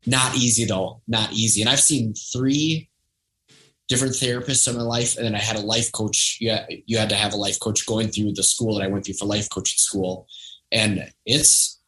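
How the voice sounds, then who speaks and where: A man's voice: lowish voice, fairly even intonation, normal speed, pushed and bright, poor audio. A man in his thirties, a podcast guest, telling a personal story in a reflective, casual way. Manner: reflective, storytelling, acts out quoted voices. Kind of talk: casual conversation.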